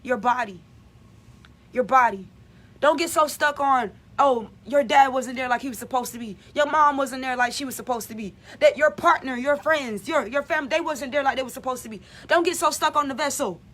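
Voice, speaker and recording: A woman's voice: high-pitched, a little fast, hardly any pauses, fairly bright tone. A woman giving an emphatic, repetitive spiritual vlog monologue as a channeler.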